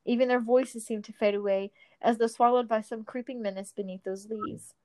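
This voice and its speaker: A woman's voice: fairly high pitch, steady tone, moderate pace, a little mellow. A woman narrating a storybook, reading steadily with the odd slip and restart.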